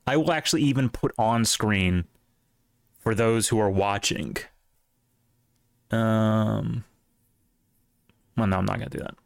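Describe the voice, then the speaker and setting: A man's voice: on the low side, unhurried, vocal fry, long pauses, no room sound, studio quality. A man co-hosting a casual gaming podcast, rambling with lots of fillers and restarts. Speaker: podcast co-host. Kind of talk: casual chat.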